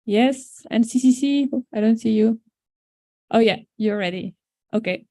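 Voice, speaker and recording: A woman chairing a large meeting and calling the roll in a brisk, procedural way. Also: a little high, mellow, no room sound.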